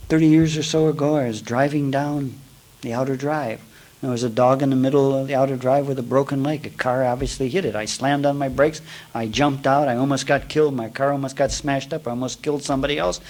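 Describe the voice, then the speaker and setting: A man gives a spiritual talk as a yoga teacher, in a middle-pitched voice. He tells folksy stories full of jokes and asides, and his level swings from loud to hushed. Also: steady tone, brisk, low-quality recording.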